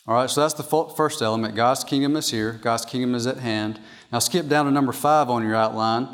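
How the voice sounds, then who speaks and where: A man's voice: medium pitch, a little fast. A man preaching a sermon from an outline, emphatic and repeating his key points. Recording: long hall reverb.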